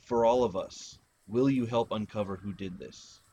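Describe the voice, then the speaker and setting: An earnest, grieving working woman pleads for help, steady and heartfelt, as a man puts her on at the table. The voice sits fairly low, and faint hiss runs under it. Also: moderate pace, natural voice. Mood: tearful. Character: grieving female merchant's worker, earnest.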